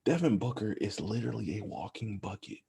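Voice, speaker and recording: A young man co-hosting a podcast, chatting about basketball in a casual, animated, rambling way. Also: on the low side, brisk, gravelly, husky. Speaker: podcast co-host. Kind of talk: casual sports chat.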